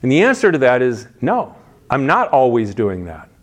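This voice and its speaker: A man's voice: mid-range voice, huge pitch swings, normal speed. A man preaching a conversational sermon, casual and emphatic, often restarting his phrases.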